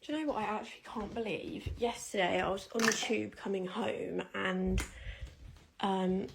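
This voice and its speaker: A woman's voice: medium pitch, normal speed, creaky, background noise. Chatty young woman, rambling. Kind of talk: casual storytime vlog.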